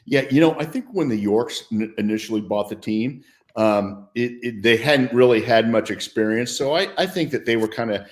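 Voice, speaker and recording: A man's voice: mid-range voice, normal speed. A man in his sixties, a guest on a talk show, telling a story in an upbeat, casual way with frequent restarts. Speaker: guest, former football player. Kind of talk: casual interview chat.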